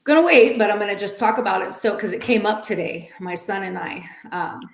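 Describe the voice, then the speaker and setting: A woman co-host speaks softly and with feeling as she opens up about her own past. Her pitch sits in the middle range. Her voice carries a noticeable room echo. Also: expressive, fairly quick, creaky. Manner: soft-spoken, emotional listener. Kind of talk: casual supportive chat. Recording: echoey room.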